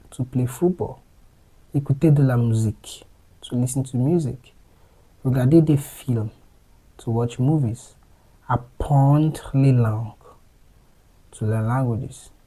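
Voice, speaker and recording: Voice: mid-range voice, warm tone, husky, poor audio. A French teacher giving a patient language lesson, explaining step by step and repeating each phrase.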